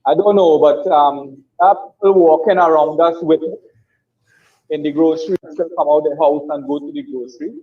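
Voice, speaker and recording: A man's voice: a little high, fairly even intonation, normal speed, narrow, tinny audio. A man speaking as a guest over a live online call, hesitant and stammering. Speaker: guest caller.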